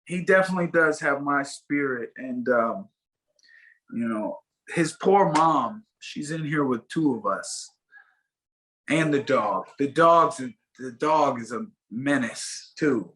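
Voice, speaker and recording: A man's voice: medium pitch, animated, slow, a bit bright, low-quality recording. A man being interviewed as a fighter guest, talking casually and rambling with many fillers and restarts over a video call.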